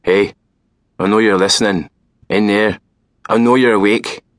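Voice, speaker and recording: A man's voice: low-pitched, steady tone, moderate pace, no echo. A man voicing a scrawny, paranoid, foul-mouthed man with a Scottish accent, who mutters and spits out insults in an audiobook. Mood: taunting. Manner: muttering, spitting insults, hissing.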